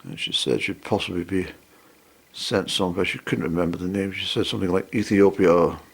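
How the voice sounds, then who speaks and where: A man's voice: sits low, a little fast, gravelly, slightly rough. A man telling a meandering story and acting out both sides of the conversation. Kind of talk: rambling spoken anecdote.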